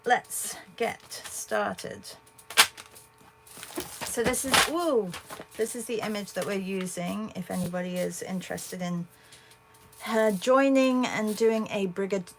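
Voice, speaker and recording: A woman with a gravelly, fry-tinged voice chats her way through a painting livestream. She thinks out loud and answers viewers between strokes. A faint hiss sits under her voice. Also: mid-range voice, unhurried. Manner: chatty, thinks aloud and answers viewers' comments. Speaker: art livestream host. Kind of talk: casual livestream chat while painting.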